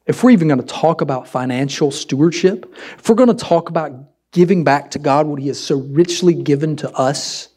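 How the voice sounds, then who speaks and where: A pastor preaches a sermon in a voice on the high side, swinging between loud emphasis and quiet asides.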